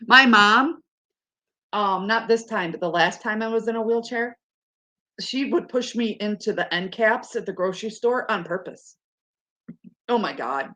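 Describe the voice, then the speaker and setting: A woman's voice: mid-range voice, normal speed. A woman talking frankly and casually, swearing freely and laughing often as she tells stories. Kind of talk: casual chat.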